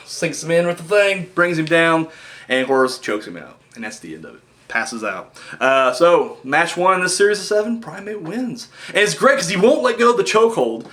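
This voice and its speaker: A man casually recapping wrestling matches, rambling with lots of fillers and getting excited as a fan. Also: a little high. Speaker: wrestling review host.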